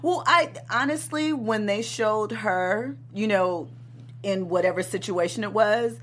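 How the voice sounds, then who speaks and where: A woman's voice: medium pitch, unhurried, slight background noise. A woman co-hosting a casual chat, who talks at length and explains her points.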